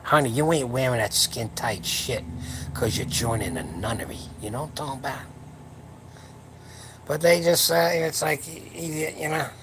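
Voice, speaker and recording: This is a man in his 70s at home, hosting a late-night livestream for his powerlifting channel with his wife asleep nearby. His talk is crude, rambling and jokey, delivered at medium pitch and a normal speed over background noise.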